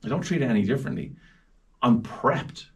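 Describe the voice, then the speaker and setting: Chatting on a podcast about the celebrities he's interviewed, an Irish radio presenter speaks briskly in a mid-range voice. He's animated and acts out the voices he quotes, recorded from a distance.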